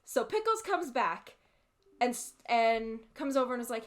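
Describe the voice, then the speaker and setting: A woman's voice: on the high side, normal speed. A woman hosting, casually telling a long anecdote with fillers and frequent laughs while playing a game. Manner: animated, laughs often, fillers. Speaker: host. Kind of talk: casual storytelling while gaming.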